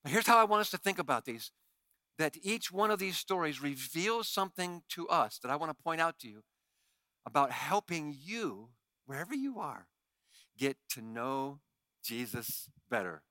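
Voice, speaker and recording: A man preaching a sermon as pastor, reading scripture in an animated, emphatic way. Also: on the high side, moderate pace, no room sound.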